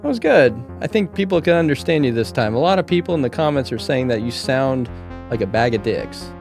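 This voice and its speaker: With faint music playing behind him, a man with a mid-range voice speaks briskly as he hosts a podcast. He tells casual stories in an animated way, performing the voices of the people in them and swearing casually.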